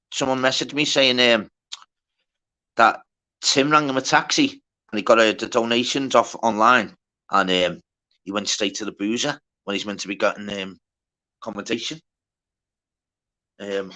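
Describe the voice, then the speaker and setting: A man's voice: mid-range voice, sharp tone. A man hosting a casual livestream, reading out the chat, greeting viewers by name and bantering with plenty of swearing. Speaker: livestream host.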